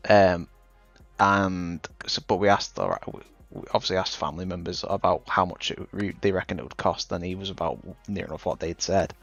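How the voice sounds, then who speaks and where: A man's voice: low voice, steady tone, brisk, gravelly, a bit bright, faint music behind. A young man with a Scouse accent chatting casually while streaming a game, rambling and cutting himself off mid-sentence. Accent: Liverpool (Scouse). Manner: rambling, chatty, self-interrupting. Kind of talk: casual chat while gaming. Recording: dull dry stream audio.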